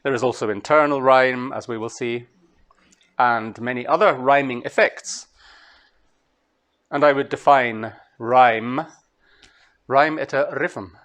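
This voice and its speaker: A Scottish man giving a master class on translation, talking to students in a lively way and chanting rhythms aloud. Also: mid-range voice, slow pace, long pauses. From Scotland. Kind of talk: lecture to students. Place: lecture hall.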